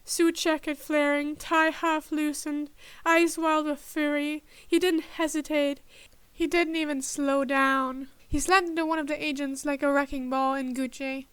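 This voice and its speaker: A woman reading a fan-written story aloud in a measured, even way. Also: high-pitched, no echo. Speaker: podfic reader.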